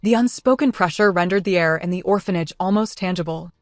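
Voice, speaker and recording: A woman giving smooth, even scripted narration of a story. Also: lowish voice, brisk, no echo. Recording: dry close studio voice with faint music. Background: faint music.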